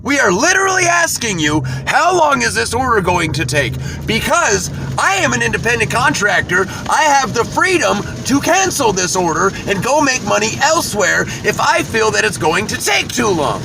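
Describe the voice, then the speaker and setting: A man's voice: extremely high pitch, very animated, normal speed, few pauses. A man vlogging from his car about his delivery runs, talking in a hyped, joking, storytelling way. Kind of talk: casual vlog narration. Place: inside a car. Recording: clear road noise in a car. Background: car and road noise.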